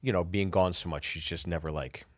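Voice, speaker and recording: A man co-hosting a comedy podcast, talking in a laid-back, halting way with frequent restarts. He speaks into a close studio mic. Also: sits low, fairly even intonation, no echo. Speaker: podcast co-host. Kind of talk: casual comedic chat.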